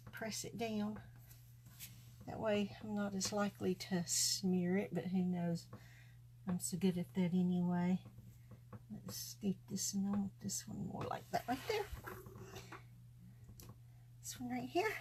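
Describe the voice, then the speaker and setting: A woman's voice: on the high side, a little mellow, a little hiss or hum. A woman chatting folksily to viewers as she demonstrates card making live from her craft table. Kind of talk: live-stream craft demo.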